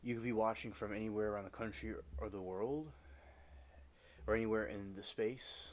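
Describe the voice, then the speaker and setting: A live streamer with a fairly low voice and fairly even intonation chats casually on a gaming livestream from home. He rambles over his game, halting and restarting as he talks.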